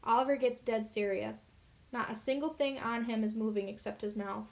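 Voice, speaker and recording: A woman narrates a children's novel in the first person. Her reading is expressive and earnest. Her voice sits a little high. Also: moderate pace, vocal fry. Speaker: audiobook reader.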